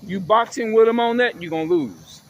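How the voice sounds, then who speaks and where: A man's voice: high-pitched, a little fast, fairly bright tone, lo-fi sound, slight background noise. A man ranting in an emphatic, repetitive monologue to his viewers, swearing as he drives his points home. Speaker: vlogger.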